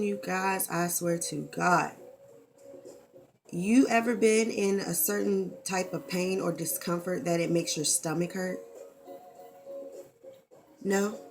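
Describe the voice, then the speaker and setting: A woman's voice: fairly low pitch, vocal fry, a little hiss or hum. A woman, talking candidly and expressively in a casual vlog and swearing freely, into a camera mic. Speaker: vlogger.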